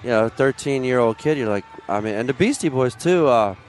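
A man's voice: mid-range voice, expressive, a little fast. Man from Philadelphia telling rambling stories. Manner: rambling storyteller with fillers and laughs. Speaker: musician guest. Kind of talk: casual chat.

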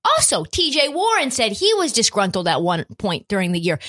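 High-pitched woman podcast host going off about basketball, super expressive swoopy voice, swears a lot, keeps asking are you serious. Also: a little fast, few pauses. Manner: animated, profane rants with rhetorical questions. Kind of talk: opinionated sports talk.

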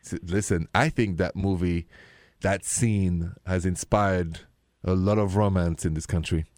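A man's voice: low-pitched, steady tone, no echo, clean studio sound. A man with a French accent hosting a late-night radio call-in show, chatty and openhearted. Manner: warm-hearted, chatty, repeats the phone number slowly. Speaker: radio host.

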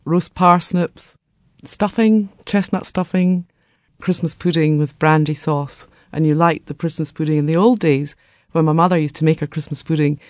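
A woman's voice: deep voice, fairly even intonation, moderate pace, a little mellow, no echo, studio quality. Woman, friendly radio guest. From Scotland. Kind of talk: radio interview.

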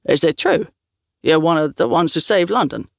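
A narrator playing a burly belligerent street thug. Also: male voice, fairly high pitch, lively intonation, normal speed, creaky, dry recording, studio quality. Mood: sneering. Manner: aggressive, sneering.

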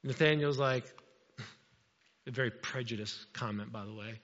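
A pastor preaching a sermon to his church, lively and animated, briefly acting out Bible characters in quick asides. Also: medium pitch. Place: church sanctuary. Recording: dull sound with long hall reverb.

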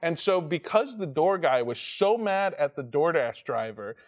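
Animated man telling a story. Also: on the high side, normal speed. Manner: animated storyteller, swears freely, acts out quoted people. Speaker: podcast co-host. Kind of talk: casual storytelling chat.

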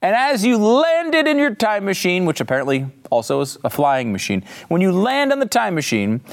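A man's voice: sits high, wildly swooping pitch, moderate pace, vocal fry. A man hosting a political commentary show, delivering a sarcastic monologue and now and then jumping into silly voices.

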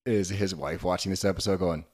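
A man's voice: sits low, fairly even intonation, brisk, a little mellow, breathy edge. A man co-hosting a podcast, giving strong opinions on a reality show in casual chat, with swearing. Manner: opinionated, swears, acts out quoted lines. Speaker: podcast co-host.

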